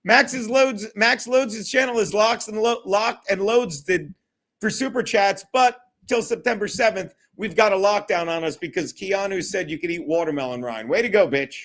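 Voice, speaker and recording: Guy with a high voice ranting on his live stream, swearing n laughing. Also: moderate pace, a bit bright. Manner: rambling, profane, laughing often. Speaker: livestream host. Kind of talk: casual solo livestream chat.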